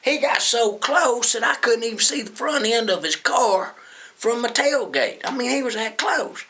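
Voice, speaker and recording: A man with a drawl tells a story in a lively, rising and falling voice. His tone is bright and forward. He talks in an easygoing, folksy way and chuckles along. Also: very high voice, moderate pace, slight background noise. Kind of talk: casual anecdote told to camera.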